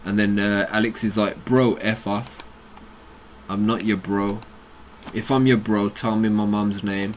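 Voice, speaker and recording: A man's voice: lowish voice, steady tone, measured pace, a little hiss or hum. Blunt, combative British man. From United Kingdom. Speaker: crypto channel host. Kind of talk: ranting commentary on a chat.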